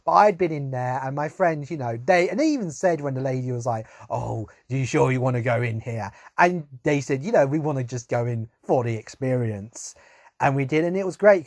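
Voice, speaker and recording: A young man telling a rambling story to camera, laughing often and trailing off quietly. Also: medium pitch, no room sound, studio quality. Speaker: vlogger.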